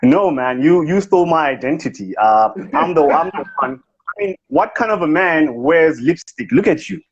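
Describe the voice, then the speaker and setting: A man's voice: fairly high pitch, expressive, normal speed, husky. A man doing a comedic impression of a boastful, self-important business speaker with a South African accent, scolding and bragging on a phone video call. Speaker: impersonator. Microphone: phone on a live video call. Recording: lo-fi livestream audio.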